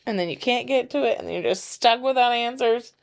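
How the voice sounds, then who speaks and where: A woman co-hosting a casual podcast chat, playful and quick to giggle as she tells stories. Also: fairly high pitch, vocal fry. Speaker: podcast co-host.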